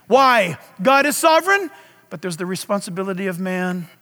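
Fiery, high-voiced male preacher. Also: big pitch swings, moderate pace, big-room sound. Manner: impassioned, loud preaching with dramatic swings. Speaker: pastor. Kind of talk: sermon.

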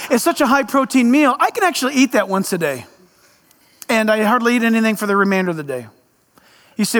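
A man's voice: high voice, fairly bright tone. A male pastor preaching a conversational sermon to his church, full of emphatic rhetorical questions. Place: church sanctuary. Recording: long reverb of a large hall.

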